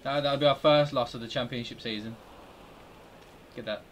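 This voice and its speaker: A man's voice: medium pitch, fairly even intonation, moderate pace. A young man with a British accent giving live commentary on his football video game stream, talking to his players and swearing at them. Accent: British English. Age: young adult. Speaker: gaming streamer.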